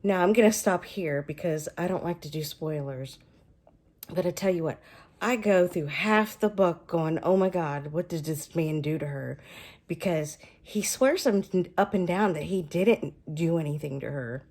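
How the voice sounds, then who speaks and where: Lively woman chatting about a book. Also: low voice, measured pace. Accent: Southern US. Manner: animated retelling with lively quoted voices. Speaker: book reviewer. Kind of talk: casual book review chat.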